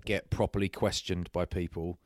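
A man chatting casually and telling stories quickly, slipping into animated quoted voices. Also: sits low, no room sound, clean studio sound. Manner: rapid, animated storytelling with put-on quotes. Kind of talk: casual banter.

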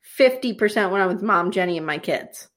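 A woman co-hosting a podcast, casually recapping a TV episode with jokey, animated storytelling. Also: medium pitch, fairly quick. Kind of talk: casual chat.

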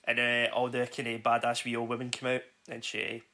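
A man's voice: mid-range voice, monotone, brisk, sharp tone. A man co-hosting a podcast, recapping a film plot in a hesitant way full of fillers. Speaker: podcast co-host.

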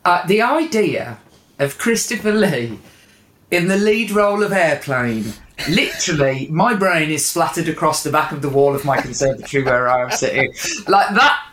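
A man hosts an interview from his conservatory, asking questions in a relaxed, amused way. His voice sits slightly high, and the room gives it an echoey ring. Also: normal speed. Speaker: podcast host. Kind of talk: casual interview. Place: home conservatory.

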